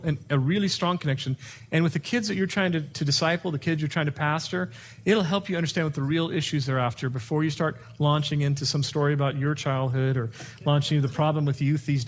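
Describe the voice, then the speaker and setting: A man giving a teaching talk on communication skills, an animated storyteller who acts out dialogue. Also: a little high, a little hiss or hum. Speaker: speaker teaching communication skills to youth workers.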